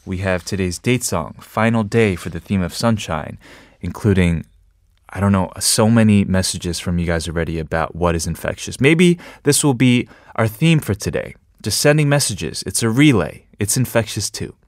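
A man's voice: deep voice, moderate pace, no room sound, clean studio sound. A man hosting a radio show, reading a script and then chatting with jokes and small laughs. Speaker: radio host. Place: radio studio. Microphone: studio microphone.

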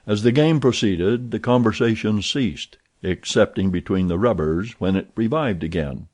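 A man with a fairly low voice narrates a classic adventure novel. His reading is steady and even, in a scripted audiobook style. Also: normal speed.

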